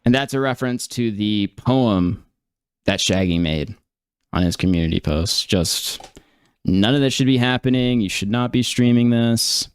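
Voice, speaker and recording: Smooth-voiced man reacting in disbelief. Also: mid-range voice, moderate pace, no echo, studio quality. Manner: incredulous, laughing, many fillers and restarts. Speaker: commentary streamer. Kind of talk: casual reaction commentary.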